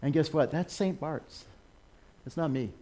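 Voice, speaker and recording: An American man giving a sermon over a slideshow, animated, with laughing asides and excited exclamations. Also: fairly high pitch, a little slow. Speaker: missionary speaker.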